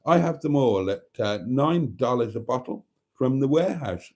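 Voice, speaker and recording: A British man chats casually on his livestream, reading viewers' comments aloud and answering them with dry jokes and chuckles. His voice is mellow and relaxed, sitting at an ordinary middle pitch for a man. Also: moderate pace. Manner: reads viewer comments aloud and banters back; chuckling, joking, often clears his throat. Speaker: livestream host.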